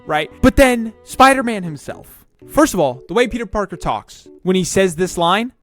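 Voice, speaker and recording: Animated, stammering video commentator. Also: mid-range voice, normal speed, faint music behind. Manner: excitable, stammering, full of rhetorical questions.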